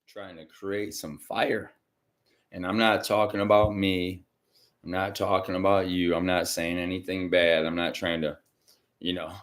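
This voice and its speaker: A man hosting a casual psychic reading livestream from home, rambling and chatty and often clearing his throat. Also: sits low. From Michigan. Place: indoors at home.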